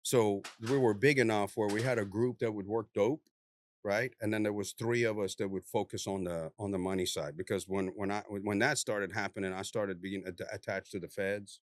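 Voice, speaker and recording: A man, a former narcotics task force officer, telling a story in a casual, animated way, laughing often and swearing freely. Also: on the low side, moderate pace, dry recording, studio quality.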